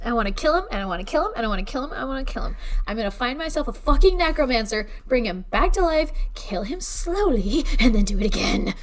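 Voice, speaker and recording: A woman's voice: fairly high pitch, very animated, fast talker. A woman co-hosting a true crime podcast. She talks in an outspoken, vehement way and swears. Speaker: podcast co-host. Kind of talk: casual true crime chat.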